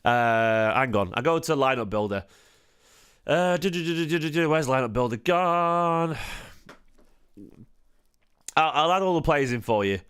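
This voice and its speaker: A man's voice: on the high side, expressive, measured pace, pauses often, fairly bright tone, clean tone. A tired man, hosting a casual football fan stream, rambling with frequent restarts and questions to his chat. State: tired, half asleep. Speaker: football fan channel host.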